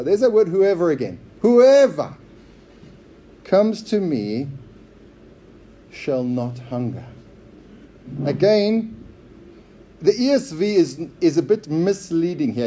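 A man preaching a sermon in a church, emphatic and repetitive, swinging between loud stresses and quiet drops. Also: fairly high pitch. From outsider to Zambia.

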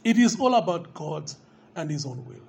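A man's voice: fairly high pitch, very animated, normal speed, vocal fry, darkish tone. A man preaching a sermon, speaking emphatically to his listeners, calling them dear friend and rising on repeated questions.

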